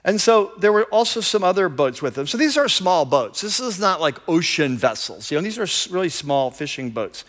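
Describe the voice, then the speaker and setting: High-voiced male pastor telling a story. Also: sing-song, moderate pace, hardly any pauses, a bit bright. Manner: conversational, vivid storytelling; enthusiastic. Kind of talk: sermon.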